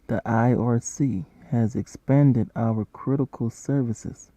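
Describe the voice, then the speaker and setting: Slow, dark-voiced man giving a statement. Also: mid-range voice, fairly even intonation, dry recording. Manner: measured, deliberate. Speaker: aid organization spokesperson. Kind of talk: formal prepared statement. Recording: dull, lo-fi played-back clip.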